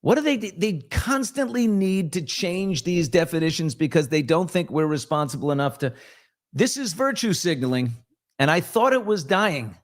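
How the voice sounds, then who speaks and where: A man's voice: a little high, animated, normal speed. A middle-aged man hosting a casual live morning talk show, blunt and sarcastic, now and then mimicking other voices. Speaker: host.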